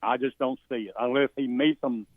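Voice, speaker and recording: A man's voice: mid-range voice, steady tone, fairly quick, no echo. Man calling in over a phone. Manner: folksy, emphatic opinions. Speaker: caller. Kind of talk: call-in sports talk. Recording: tinny phone line.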